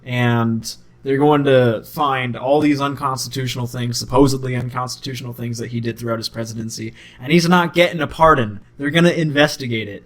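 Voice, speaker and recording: A man's voice: medium pitch, steady tone, brisk, few pauses. A man co-hosting a podcast in casual political chat, asking emphatic, indignant questions. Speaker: podcast co-host.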